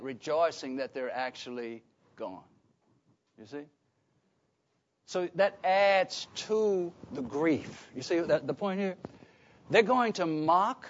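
A man preaching a sermon in a conversational way, often asking his congregation questions and starting sentences over. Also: on the high side. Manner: call-and-response questions to the congregation; conversational, with frequent restarts. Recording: dull lo-fi recording.

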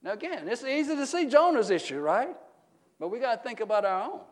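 A middle-aged man preaching a sermon as pastor, often asking the congregation questions and swinging between loud emphatic peaks and quiet low stretches. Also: big pitch swings, a little fast. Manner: call-and-response preaching, asks the congregation questions.

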